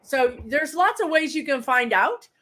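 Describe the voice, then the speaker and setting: A woman speaking as a guest psychic medium in a casual live chat, explaining with everyday examples and lively quoted phrases. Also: high-pitched, a little slow.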